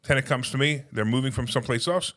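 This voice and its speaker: A man telling stories in casual conversation, animated, acting out phone calls in quoted voices. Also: mid-range voice, fast. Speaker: podcast guest, real estate investor.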